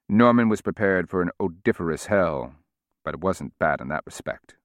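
A man reading a novel aloud in a measured, steady audiobook narration. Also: deep voice, no room sound.

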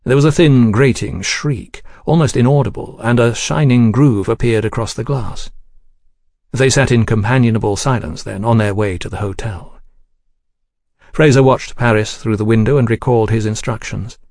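Brief: male audiobook narrator, mid-pitched, dry close mic. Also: moderate pace, gravelly, a little mellow, no echo.

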